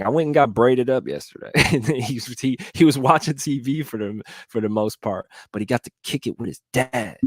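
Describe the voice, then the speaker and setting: A man's voice: lowish voice, no echo, studio quality. A middle-aged man hosting a motivational live talk, earnestly urging his viewers and repeating his points. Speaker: motivational livestream host.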